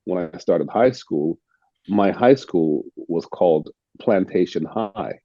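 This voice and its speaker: Deep-voiced older American man telling stories. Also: animated, warm tone, no room sound, highs cut off. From United States (Illinois). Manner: reflective, unhurried, repeats words as he restarts. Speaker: actor, interview guest. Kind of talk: casual storytelling interview.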